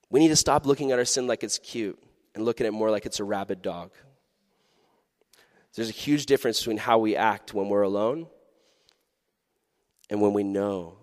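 A man giving a youth sermon in a lively, animated way, acting out quoted voices. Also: lowish voice. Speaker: youth pastor. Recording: long hall reverb.

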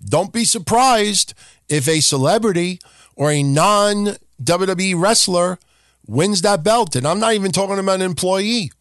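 A man's voice: high-pitched, measured pace, a bit bright, no room sound, clean studio sound. A man hosting a podcast, ranting casually and sarcastically with constant swearing and mocking impressions. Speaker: podcast host. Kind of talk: casual rant.

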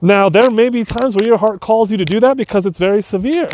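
High-voiced man giving casual advice. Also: brisk, darkish tone, slight background noise. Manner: loose, rambling, with restarts and asides. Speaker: coach.

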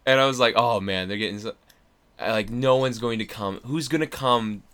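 A young man, an actor and impressionist, telling a story in casual chat, animated, with many fillers and restarts. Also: mid-range voice, moderate pace, clean tone.

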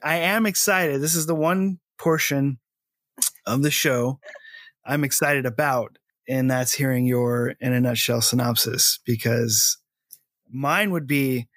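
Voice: mid-range voice, measured pace, fairly bright tone, no room sound. A podcast host chatting about old films, laughing often and stumbling over names. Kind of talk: casual chat.

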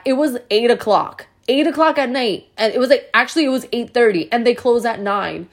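A young woman from New Jersey telling a story in a chatty, animated way, with lots of "like". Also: a little high, fairly quick, few pauses. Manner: chatty, animated, heavy use of "like". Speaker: vlogger. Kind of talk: storytime vlog.

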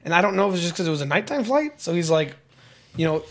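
A young man chats casually on a podcast, his voice sitting a little high. He tells stories with energy and drops into sudden higher voices when he mimics people. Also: lively intonation, fast talker, fairly bright tone. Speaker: podcast co-host. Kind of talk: casual storytelling chat.

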